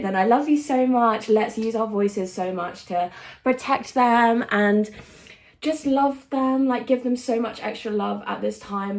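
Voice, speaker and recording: A young woman chatting casually while getting ready, emotional and effusive, swearing and saying "like" constantly. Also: medium pitch. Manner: emotional, effusive, swears often, says "like" a lot. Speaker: vlogger. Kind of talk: casual get-ready-with-me chat.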